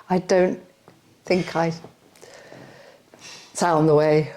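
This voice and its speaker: An older woman from West London, speaking in an interview with a softened London accent, rounded vowels and a chatty manner that breaks into laughs. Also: low-pitched, normal speed, creaky, a little hiss or hum. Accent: London English softened by elocution lessons. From West London, England. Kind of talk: casual interview talk.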